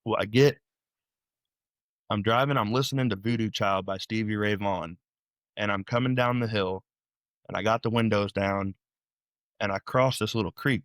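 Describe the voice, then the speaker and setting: A young podcast guest from Illinois, USA, tells his story in an interview. His low voice is dry and close-miked with no room sound, and he rambles with animation, often backtracking and restarting sentences.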